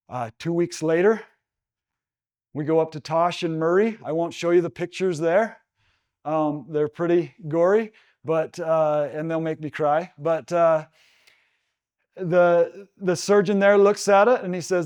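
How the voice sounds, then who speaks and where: A man's voice: fairly high pitch, steady tone, a little mellow, clear, resonant tone. A young adult man from Utah giving a seminar talk, telling a personal story with many fillers and restarts. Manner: halting, many fillers and restarts, gets emotional. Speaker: guest speaker.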